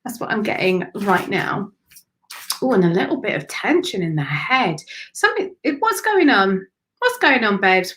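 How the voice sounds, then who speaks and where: A woman doing live spiritual readings for viewers, speaking softly and affectionately, with sighs and drifts into whispers. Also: mid-range voice, rough recording. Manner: emotional, breathy sighs and gushing warmth. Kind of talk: live-streamed channelled readings.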